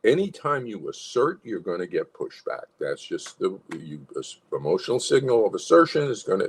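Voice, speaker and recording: Gravelly, animated male psychologist host. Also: low voice, normal speed, few pauses. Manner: animated, demonstrates tones of voice, chuckles. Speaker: psychologist hosting a livestream. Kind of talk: instructional livestream talk.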